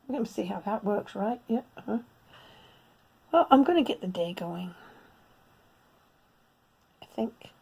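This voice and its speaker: A woman's voice: mid-range voice, animated, unhurried, gravelly, pauses often, a little mellow, husky. A woman in her fifties chatting through her day at home in a casual vlog, out of breath, laughing often and cooing at her cats. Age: 50s. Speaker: vlogger.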